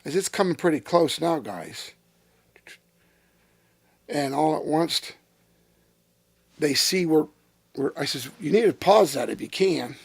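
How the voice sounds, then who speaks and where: Gravelly, high-pitched storytelling man. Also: measured pace, pauses often, no echo. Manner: profane, animated storyteller who acts out quotes. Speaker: interview guest. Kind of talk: storytelling in a casual interview.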